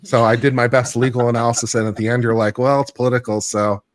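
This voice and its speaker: A man's voice: mid-range voice, level tone, fast talker. A man on a livestream panel explaining a legal case in a thoughtful, casual way, with frequent fillers and restarts. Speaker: legal commentator and panel guest.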